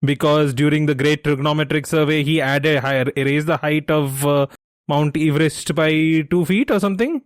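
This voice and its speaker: A man co-hosting a trivia podcast, chatty and quick to laugh, who thinks out loud with many restarts. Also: fairly high pitch, dry recording, studio quality. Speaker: quiz podcast co-host. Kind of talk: casual quiz podcast chat.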